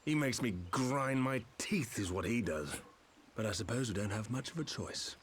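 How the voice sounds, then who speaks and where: An actor playing a gruff, distrustful male inventor in a video game cutscene, blunt and stern. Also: mid-range voice, expressive, moderate pace, slight background noise, close to an everyday voice. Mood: grudging.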